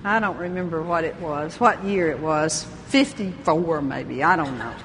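An older woman preaching a sermon, lively, laughing often and exclaiming praise. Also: low-pitched, normal speed, in a large hall, a little hiss or hum.

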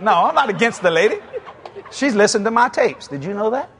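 Animated Cajun preacher in his sixties. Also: high-pitched, fast talker, slight background noise. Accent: Cajun, South Louisiana. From South Louisiana. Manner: animated, acts out both sides of dialogues, chuckling asides. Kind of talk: humorous sermon storytelling.

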